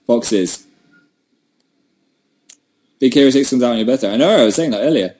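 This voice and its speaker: This livestream host talks fairly quickly in a fairly low, slightly mellow voice, pausing often. He's at home, casually responding to viewer comments over a webcam mic, wandering off topic and putting himself down.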